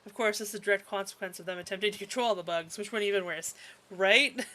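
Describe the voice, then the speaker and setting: A man's voice: high-pitched, quick pace, pushed and bright. A man streaming a game live, chatting casually and laughing often as he rambles about the game's lore. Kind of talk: casual live gameplay commentary.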